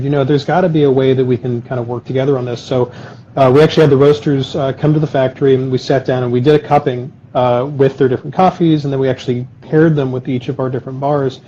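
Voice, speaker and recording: A man's voice: medium pitch, mellow, slight background noise. A man who makes chocolate, chatting on a live video call and explaining his process in detail with many ums and uhs. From Los Angeles area. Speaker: guest chocolate maker. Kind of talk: casual live-stream conversation. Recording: dull lo-fi live-stream audio.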